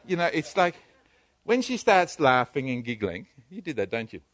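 An older man preaching a sermon, swinging from hushed to loud. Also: fairly high pitch, big pitch swings, moderate pace, a little hiss or hum. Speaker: pastor.

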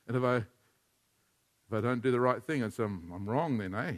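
A man preaching a sermon, animated, swinging from hushed to near-shouting and chuckling between points. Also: mid-range voice, brisk. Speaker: pastor.

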